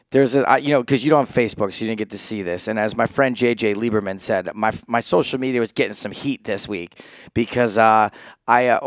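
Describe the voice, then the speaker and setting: A man's voice: mid-range voice, dry recording, studio quality. An American man co-hosting a podcast, joking and laughing often with rambling asides in casual banter. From United States. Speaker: co-host.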